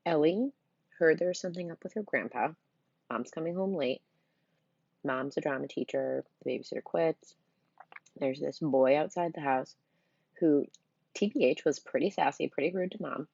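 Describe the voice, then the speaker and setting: A woman's voice: low voice, normal speed, gravelly, long pauses, darkish tone, slightly rough, no room sound, dull audio. A middle-aged woman reading a children's novel aloud, with chatty, punny asides to her listeners. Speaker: storybook reader.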